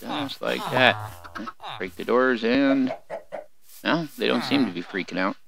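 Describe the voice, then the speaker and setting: A man's voice: mid-range voice, measured pace, gravelly. An older man hosting a let's play, giving rambling, folksy gameplay commentary and chatting to his in-game animals. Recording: noisy home recording with mouse clicks.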